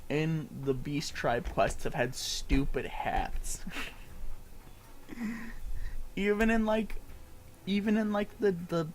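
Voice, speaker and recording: A man's voice: on the high side, a little mellow, a little hiss or hum. A man casually commenting on a game he is streaming, rambling with a lot of filler words. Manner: rambling, heavy use of filler "like".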